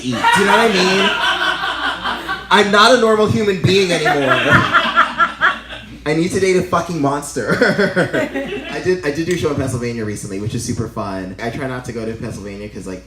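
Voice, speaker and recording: A man's voice: mid-range voice, fairly bright tone. A man doing a brash stand-up comedy set in a small venue, laughing through his own jokes. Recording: echoey room, noisy crowd.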